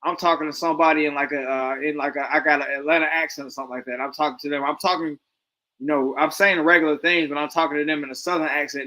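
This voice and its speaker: A man's voice: a little high, fairly even intonation, fast, bright, forceful tone, low-quality recording. A man giving loose, rambling commentary with lots of slang and fillers. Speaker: stream host reacting to a debate. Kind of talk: casual commentary.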